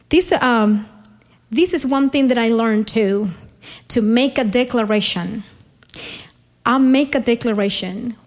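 A woman's voice: fairly high pitch, slow pace, long pauses. A woman preaching a sermon in an earnest, repetitive style that builds in emphasis.

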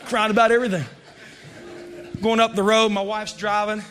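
A man in his thirties preaches a revival sermon to a church congregation, alternating between shouted exhortation and quiet storytelling. His voice is high, his delivery flat, and his pace normal.

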